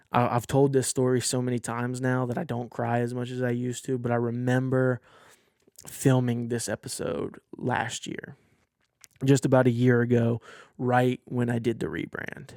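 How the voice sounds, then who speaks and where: A young man talks straight to a camera from his desk at home, candid and earnest. He rambles a little as he tells a personal story. His voice sits at an ordinary middle pitch, and the sound is dry and close, with no room echo. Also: darkish tone. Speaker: podcast host. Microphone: facing a camera at his desk.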